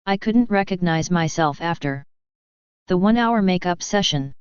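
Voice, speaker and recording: A woman narrating a novel in the first person with a measured, even reading. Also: lowish voice, clear, resonant tone, dry recording. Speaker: audiobook narrator. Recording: dull, dry lo-fi audio.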